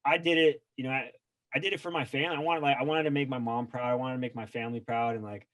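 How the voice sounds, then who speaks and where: A man's voice: mid-range voice, fairly even intonation, fast, a bit bright, no echo. A man co-hosting a casual podcast, telling stories in a rambling way with many filler words. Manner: rambling, filler-heavy storytelling. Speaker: podcast co-host. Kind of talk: casual chat.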